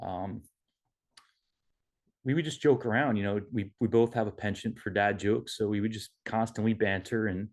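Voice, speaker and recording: A man telling a personal story at an online memorial, halting with many fillers and restarts, heard over a video call. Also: on the low side, fairly even intonation. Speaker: memorial speaker, son-in-law. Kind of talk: casual storytelling.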